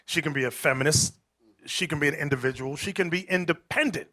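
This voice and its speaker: A man preaching to a group, emphatic, quizzing his listeners and rising into shouts. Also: a little high, brisk. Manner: emphatic, rising to shouts, asks the crowd questions. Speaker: street preacher.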